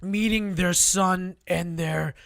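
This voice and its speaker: A man co-hosting a talk show who tells rambling, animated stories with many restarts. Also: sits high, slow, vocal fry, no room sound, clean studio sound. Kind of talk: casual storytelling chat.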